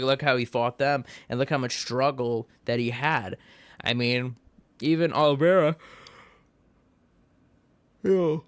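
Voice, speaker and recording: A man's voice: mid-range voice, pushed and bright, clear, resonant tone, dry recording. A man talking casually on a livestream, rambling with many restarts and fillers while giving his opinions on fighters. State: tired, yawning. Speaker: MMA commentator.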